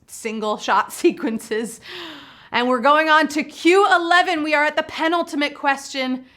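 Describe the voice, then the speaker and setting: A woman's voice: a little high, pushed and bright. A woman hosting a live trivia game show, exuberant and playful, joking with the players as she reads out questions and answers.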